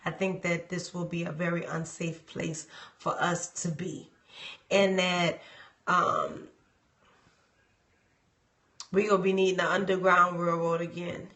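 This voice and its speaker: A woman's voice: on the low side, flat delivery, measured pace, long pauses, reverberant. A woman talking casually on a live stream, rambling and addressing her viewers. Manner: dramatic mock wailing, shouting and fake crying; loose, rambling, talks to viewers.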